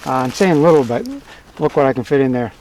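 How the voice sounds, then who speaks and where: A man hosting a bushcraft channel, giving a relaxed, plain-spoken gear review and listing items one by one. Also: medium pitch, quick pace, slight background noise. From United States.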